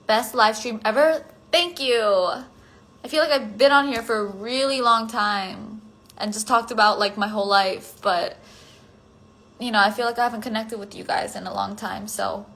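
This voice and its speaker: A woman's voice: mid-range voice, steady tone, normal speed, gravelly, fairly bright tone, poor audio. A woman chatting casually on a phone livestream, answering fan comments. She is giggly and self-conscious, with lots of "like" fillers.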